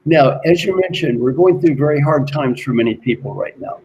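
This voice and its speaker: A man working as an executive coach, giving an earnest motivational talk and slowly repeating his key questions. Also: a little high, expressive, lo-fi sound, slight background noise.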